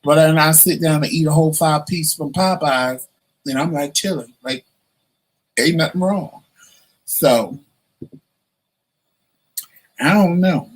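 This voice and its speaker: A man's voice: on the high side, takes it slowly, long pauses, poor audio. A man telling a personal story to the camera in a casual, chatty way, acting out the voices of the people in it. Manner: chatty, animated, acts out quoted voices. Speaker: vlogger.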